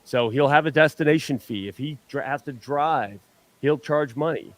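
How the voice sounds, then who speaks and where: A superfan guest with a fairly high voice chats casually on a fan show at normal speed. He rambles and jokes at his own expense, often restarting sentences.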